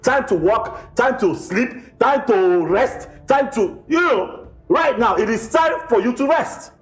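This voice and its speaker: An actor with a Nigerian English accent playing Boma, an irritable husband tired after work, exasperated and lecturing in a film scene. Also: male voice, extremely high pitch, expressive, takes it slowly, exaggerated voice. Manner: exasperated, repetitive, sermonizing. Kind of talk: Nollywood film acting. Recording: echoey room with music.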